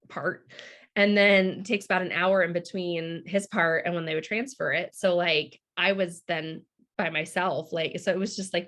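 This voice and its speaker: A woman's voice: fairly low pitch, a bit bright. A woman from the United States, a podcast guest, openly telling her personal story with many fillers. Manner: candid, lots of fillers.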